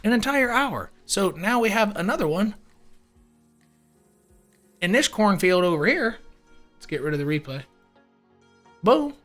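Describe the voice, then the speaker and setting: A man giving casual screen-share commentary on crypto charts, animated and wry, with mock-panicked asides and casual swearing. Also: sits high, measured pace, pauses often, soft background music.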